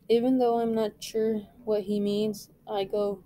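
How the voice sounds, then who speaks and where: A woman, a reading teacher, reading a novel aloud in a plain, unhurried way with small slips. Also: medium pitch, little pitch movement, warm tone, dry recording, poor audio.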